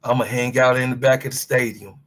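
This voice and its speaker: A man's voice: medium pitch, fairly even intonation, a little fast, a bit bright. A middle-aged man from Chicago giving a fiery, profane sports rant to his livestream chat. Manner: fiery, profane, preachy, talks straight to chat.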